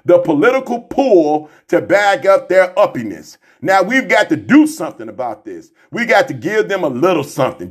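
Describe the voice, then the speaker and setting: Male radio host with a fairly high voice who reads aloud, repeats lines and preaches to his listeners. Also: big pitch swings, moderate pace, few pauses, husky. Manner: repeats lines, calls out to listeners with "y'all", "family" and "brothers and sisters". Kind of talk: reading aloud and commenting, preachy radio talk.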